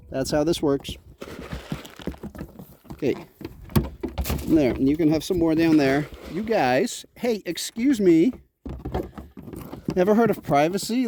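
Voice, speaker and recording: A man running a farm vlog outdoors, playfully scolding his goats in a teasing sing-song. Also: on the high side. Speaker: farm vlogger. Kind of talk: casual talk to camera and animals. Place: outdoors on a farm by a goat pen. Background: faint wind and goat bleats.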